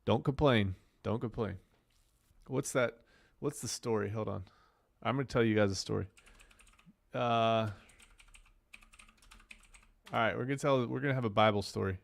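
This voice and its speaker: A man's voice: on the low side, normal speed, gravelly, long pauses, no room sound. A man hosting a casual crypto livestream, talking bluntly in street slang and repeating phrases for emphasis.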